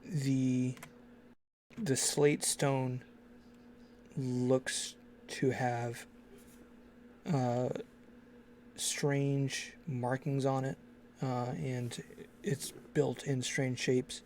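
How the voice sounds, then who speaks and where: A man narrating an online tabletop game as game master, unhurried and with many fillers. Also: medium pitch, little pitch movement, darkish tone, a little hiss or hum.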